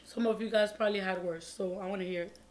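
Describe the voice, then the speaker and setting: A woman's voice: medium pitch, fairly even intonation, quick pace, a little hiss or hum. A woman from Cameroon hosting a casual mukbang storytime vlog, chatty and repeating her pleas, mumbling between bites. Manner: chatty, repeats pleading words, mumbles while eating. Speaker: vlogger.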